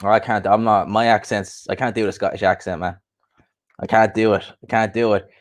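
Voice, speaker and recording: A young man hosting a casual boxing livestream, chatting loosely and giving repeated shout-outs to viewers. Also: lowish voice, steady tone, moderate pace. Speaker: boxing podcast host.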